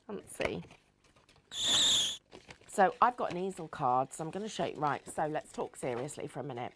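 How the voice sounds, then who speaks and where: A woman's voice: low voice, sing-song, moderate pace, vocal fry, pauses often, background noise. A woman hosting a live craft show, chatting in a rambling, giggly way. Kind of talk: live crafting demonstration chat.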